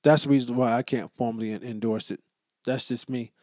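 Here the podcast host, a young adult man, talks brisk and casual in a mid-range voice, full of profanity and playful, animated stories. It's a solo monologue recorded cleanly in a studio without echo.

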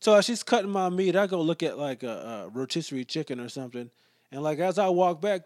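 A man telling a story in a casual rant, profane and exasperated, sometimes dropping to low muttered asides. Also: darkish tone, no room sound, clean studio sound.

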